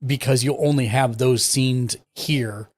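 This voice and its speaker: In an unhurried, mid-range voice, a man hosting a live stream gives a relaxed, step-by-step tour of his setup, clicking as he explains, much like a streaming tech support host. There's no room sound in the recording.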